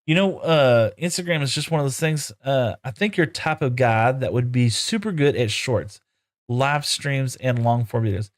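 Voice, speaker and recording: A man's voice: mid-range voice, normal speed. Guy streaming a game, rambling to chat and sweet-talking his horses. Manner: rambling, talks to viewers and to game horses in broken baby talk. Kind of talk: casual live game commentary.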